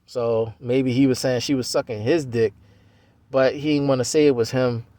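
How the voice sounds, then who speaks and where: Man in his forties, loose rambling storytelling, middle-pitched voice, dry close sound. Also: steady tone, normal speed, mellow, no room sound. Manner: loose, conversational, full of "you know" and restarts. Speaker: Navy veteran telling his life story.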